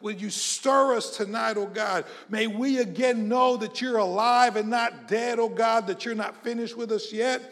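A man from South Mississippi, preaching a sermon and leading the congregation in call-and-response, moving between hushed prayer and shouting. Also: sits high. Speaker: pastor. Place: church hall. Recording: long church-hall reverb.

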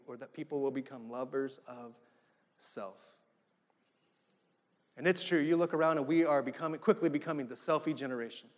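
A middle-aged man preaching a sermon as pastor, driving points home with repetition and rising emphasis. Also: a little high. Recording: long hall reverb.

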